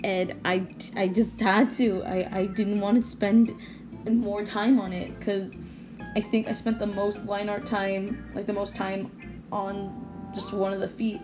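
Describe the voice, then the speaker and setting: A young woman rambling casually at home about her own character drawing, restarting sentences and laughing often. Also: mid-range voice. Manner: rambling, self-interrupting, giggly. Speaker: artist vlogger. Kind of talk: casual late-night rambling.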